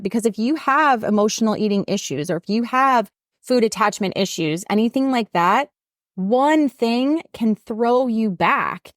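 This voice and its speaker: Emphatic woman podcast host, dry close mic. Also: no echo. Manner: animated, emphatic, rising pitch when fired up. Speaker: podcast host and fitness coach. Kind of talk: casual solo podcast talk.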